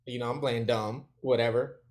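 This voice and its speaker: A man's voice: mid-range voice, steady tone, moderate pace. A man as an interview guest, telling a story in casual chat. He talks with animation, laughs often and acts out other people's lines.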